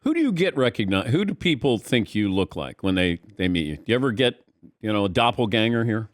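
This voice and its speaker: A man's voice: fairly low pitch, a little fast, no room sound. A male talk show host trades jokes with his guest in a casual studio interview. His voice swoops up and down as he talks, and the room sounds dry and close. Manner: joking, lively questions.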